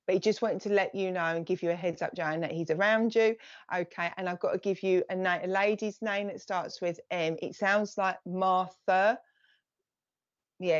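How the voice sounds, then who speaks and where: A woman's voice: lowish voice, no room sound. Chatty woman medium, lo-fi stream. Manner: chatty, relays messages in bursts, thanks viewers by name. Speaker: psychic medium giving live readings. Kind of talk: live-stream reading to viewers.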